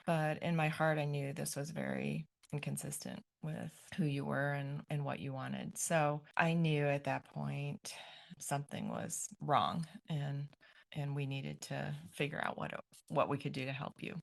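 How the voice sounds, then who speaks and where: A middle-aged woman, a grandmother, talking as a podcast guest in a gentle, thoughtful way, often pausing to find her words. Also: low-pitched, fairly even intonation, gravelly. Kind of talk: reflective podcast conversation.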